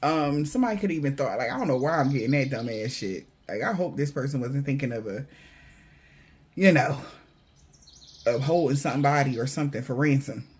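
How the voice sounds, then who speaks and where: A man's voice: medium pitch, expressive, fairly quick, husky. A man giving a casual spiritual reading to viewers, blunt, profane and mocking, in loose slangy talk. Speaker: spiritual reader.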